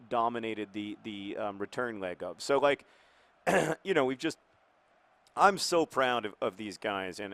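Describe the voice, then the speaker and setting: Male gameplay commentator in a mock-manager role, lowish voice, hesitant and rambling, earnest tone. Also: fairly bright tone. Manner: rambling and hesitant, with many fillers. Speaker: video game commentator, role-playing as a football club manager.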